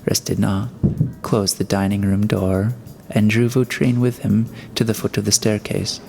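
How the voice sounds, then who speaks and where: A man narrating a classic novel in steady, scripted storytelling. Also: fairly low pitch, a little slow, creaky, soft background music. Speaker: audiobook narrator.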